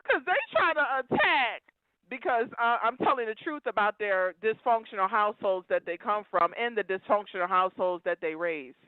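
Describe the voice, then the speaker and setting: A woman's voice: medium pitch, animated, normal speed, dry recording. A woman calling in to a live show, preaching emphatically and lecturing listeners directly. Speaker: call-in caller. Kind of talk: live call-in rant. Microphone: phone. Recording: tinny dry phone line.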